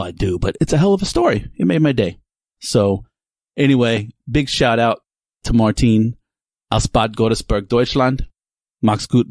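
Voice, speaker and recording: A rambling man talks through his podcast in a loose, chatty monologue that keeps drifting off topic. His voice sits low. The sound is close and dry, with no room around it. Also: a little mellow, no echo. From Texas. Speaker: podcast host. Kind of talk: casual monologue.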